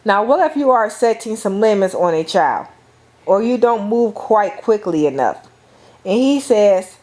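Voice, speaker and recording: A middle-aged woman giving a lecture, speaking deliberately, calling on the class and often repeating or restarting phrases. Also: mid-range voice, lively intonation, mellow.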